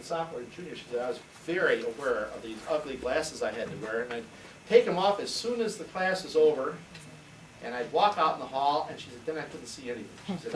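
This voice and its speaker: An older man, a retired history teacher, telling long rambling anecdotes on a school tour and acting out the voices of the people in them. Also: mid-range voice. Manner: rambling anecdotal storyteller, acts out quoted voices. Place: school classroom, indoors. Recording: roomy, distant, noisy camcorder sound.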